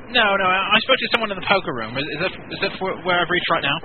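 A man's voice: high-pitched, lively intonation, very fast, pitched above the performer's own voice. A man voicing a pompous, fussy British army colonel with a British accent, stammering through a prank phone call. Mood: indignant. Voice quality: hesitant, stammering, quaint old-fashioned slang. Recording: phone-like lo-fi with faint noise.

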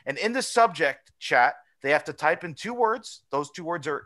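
A man hosting a casual podcast chat, talking in an animated, rambling way and swearing often. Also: on the high side, moderate pace, hardly any pauses. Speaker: podcast host.

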